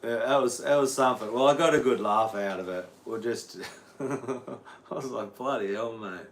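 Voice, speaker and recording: A man's voice: medium pitch, moderate pace, a little hiss or hum. An Australian man, a guitar teacher, rambling casually on a livestream and answering viewers' chat. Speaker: guitar teacher streaming live.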